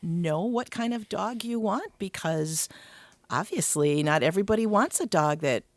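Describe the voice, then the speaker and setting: A woman hosting a radio call-in show, calmly reading listener questions and offering short affirmations. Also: mid-range voice, moderate pace, no room sound. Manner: calm, reads listener questions, brief affirmations. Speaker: radio host. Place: radio studio. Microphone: studio microphone.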